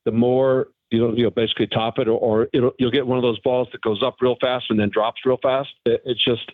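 A former pro golfer, a man, talking haltingly but frankly as a phone-in guest on a radio interview. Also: medium pitch, level tone, no room sound. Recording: tinny phone line.

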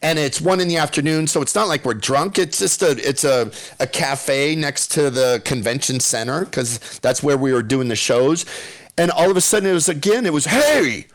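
Middle-aged male radio regular, slightly high voice, lively anecdote teller who keeps cracking up. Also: moderate pace. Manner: animated storyteller, laughs often, acts out quotes. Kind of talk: casual storytelling on a radio show.

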